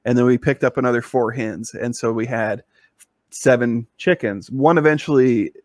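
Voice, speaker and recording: A man's voice: medium pitch, normal speed, darkish tone, no room sound. Male podcast co-host, casual rambling storyteller, dry close-miked sound. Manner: rambling, with many fillers and restarts.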